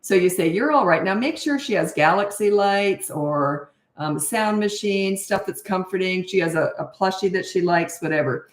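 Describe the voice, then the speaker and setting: A woman's voice: fairly low pitch, normal speed, hardly any pauses, reverberant. A woman in her sixties, a parenting coach answering questions in a casual livestream, telling stories in a chatty way with fillers and laughs. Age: 60s.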